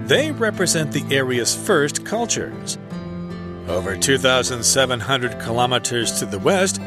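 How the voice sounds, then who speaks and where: Man, slow careful reading, lively intonation, guitar music behind. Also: mid-range voice. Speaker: reader of a lesson text. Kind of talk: scripted reading.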